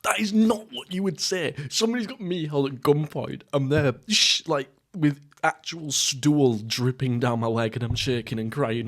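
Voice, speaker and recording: Young english guy rambling crude jokes into a mic while eating, deadpan, regular middle-pitched voice. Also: moderate pace, few pauses. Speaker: podcast host. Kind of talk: casual solo mukbang chat.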